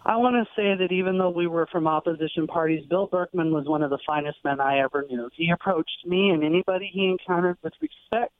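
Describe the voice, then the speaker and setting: A man phones in to a radio show, his fairly high voice squeezed through a thin, tinny phone line. He speaks with heartfelt emotion and a dry, close sound. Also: a little fast, hardly any pauses, no room sound. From Washington state. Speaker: caller. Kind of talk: phone-in call. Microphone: telephone.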